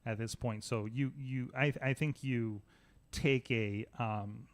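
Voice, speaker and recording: A man's voice: mid-range voice, steady tone, slow pace. A man hosting a casual tech podcast who talks in looping restarts and reads chatbot replies aloud. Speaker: podcast host.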